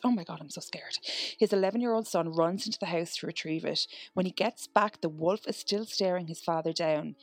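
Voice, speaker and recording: A woman, co-hosting a podcast, reading out a dramatic story and breaking into swearing banter. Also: on the low side. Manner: dramatic narration, swears freely. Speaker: podcast co-host. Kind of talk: true-crime storytelling chat.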